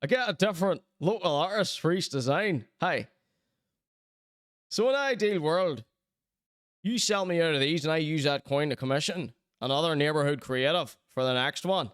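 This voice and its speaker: A man's voice: on the high side, expressive, normal speed, fairly bright tone. Man putting on a Ballymena accent, reading a blurb. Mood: upbeat pitch. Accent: put-on Ballymena. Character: small-town Ballymena label owner reading his own blurb.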